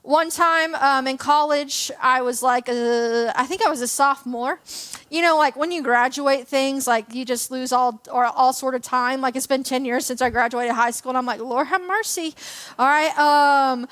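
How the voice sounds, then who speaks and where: A young woman in her twenties with a high voice speaks to a church congregation. She tells a personal story in a chatty, self-deprecating way, with lots of "um" and "like." She sounds relaxed and conversational, not formal. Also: moderate pace, clean tone. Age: 20s. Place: church hall.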